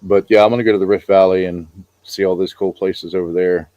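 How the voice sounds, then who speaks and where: A man's voice: low-pitched, steady tone, brisk, mellow, dry recording. A middle-aged man co-hosting a casual chat, rambling about travel with many fillers. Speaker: co-host.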